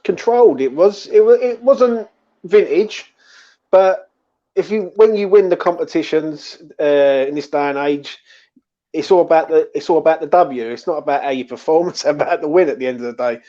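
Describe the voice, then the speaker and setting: A man's voice: on the high side, a little fast, mellow, highs cut off. A man chatting about football as a fan guest over a call, chatty and celebratory. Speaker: fan caller. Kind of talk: casual football chat.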